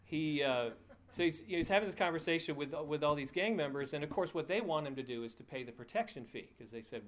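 A man's voice: on the high side, animated, fast, few pauses. A man preaching a sermon, telling a story in a conversational way with frequent fillers and restarts, and chuckling at his own asides. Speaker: pastor.

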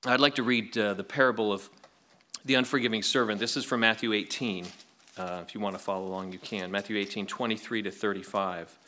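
A man's voice: lowish voice, steady tone, fairly quick, pushed and bright. A man preaching a sermon, reading scripture aloud and asking the congregation rhetorical questions in a conversational way. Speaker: pastor.

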